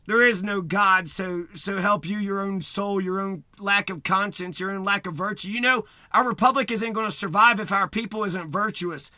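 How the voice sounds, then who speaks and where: A man's voice: sits high, normal speed, hardly any pauses, bright, forceful tone, dry recording, studio quality. A man delivering a profane, agitated rant to camera, repeating himself and swearing heavily. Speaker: vlogger.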